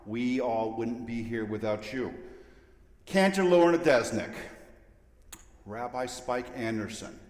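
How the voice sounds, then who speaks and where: A man's voice: mid-range voice, takes it slowly, long pauses, darkish tone. Chatty man leading a service, echoey hall. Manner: playful, joking, chatty. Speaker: service leader. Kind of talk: informal welcome at a service. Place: large sanctuary. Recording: echoey hall with long reverb.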